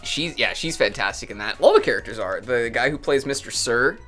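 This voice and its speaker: A man with a mid-range voice chats casually over a game. He rambles and laughs, and his pitch bounces up and down a lot. Soft game music plays in the background. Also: brisk. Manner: animated, laughing, rambling storyteller. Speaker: let's play co-host. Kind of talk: casual gaming chat. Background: faint game music.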